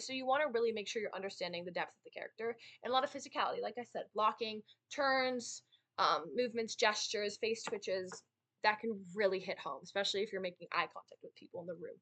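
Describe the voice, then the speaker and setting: Young woman, quick chatty delivery, bright tone, casual teaching talk, lots of fillers. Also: mid-range voice. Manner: chatty, many fillers and "right?" tags. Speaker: speech and debate student teaching. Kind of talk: casual lesson.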